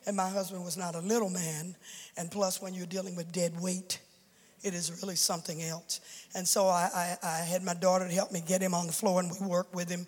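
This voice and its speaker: A woman's voice: on the low side, little pitch movement, moderate pace. Woman, a pastor's widow, giving emotional church testimony into fervent preaching; long reverb from a big hall.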